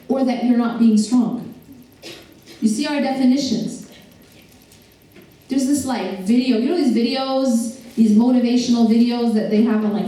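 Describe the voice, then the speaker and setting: A woman's voice: high voice, warm tone. A woman giving a religious lecture to a live audience in a conversational way, often putting direct questions to the listeners. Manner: conversational, with casual slang. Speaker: Islamic lecturer. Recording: echoey hall, voice picked up from a distance.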